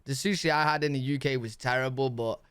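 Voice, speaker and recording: A man's voice: mid-range voice, fast, fairly bright tone, clean tone, dry recording, clean studio sound. A British man streaming a casual reaction, chatting loosely with lots of fillers and restarts. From United Kingdom. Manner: chatty, rambling, filler-heavy.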